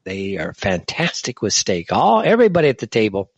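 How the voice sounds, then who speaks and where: A man from the United States talks through a loose, joking monologue in a fairly low, slightly husky voice. He wanders off track and catches himself with asides. The recording is dry and a little muffled, like a lo-fi home setup. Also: wildly swooping pitch, fairly quick, no echo. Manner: rambling, joking asides, self-correcting. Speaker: podcast host. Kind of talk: casual monologue.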